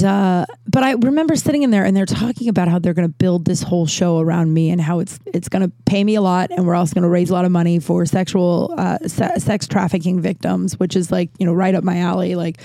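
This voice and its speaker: Thirties woman with a warm, mellow tone, chatty monologue host who rambles, self-corrects and curses, recorded dry and close. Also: lowish voice, a little fast, gravelly, no room sound. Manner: rambling, swears freely, frequent restarts and self-corrections. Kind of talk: casual storytelling monologue.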